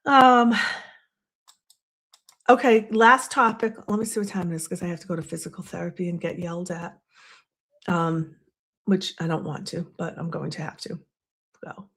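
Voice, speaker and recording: A woman's voice: on the low side, steady tone, a little fast, fairly bright tone, husky. A woman in her fifties hosting a live stream, chatting casually and rambling while she talks to her viewers.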